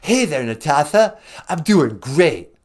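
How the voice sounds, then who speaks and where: A man's voice: on the high side, sing-song, slow, voice pushed up, exaggerated voice. A man doing an impression of a famous rock singer phoning in to a puppet comedy show. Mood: smooth.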